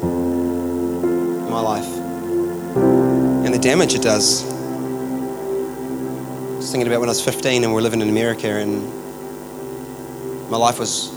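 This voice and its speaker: A man delivers a sermon in a church. His voice sits at an ordinary middle pitch, and he tells his story conversationally, often circling back and restarting his phrases. Loud music plays behind him throughout. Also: level tone, a little slow, pauses often. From New Zealand. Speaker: pastor.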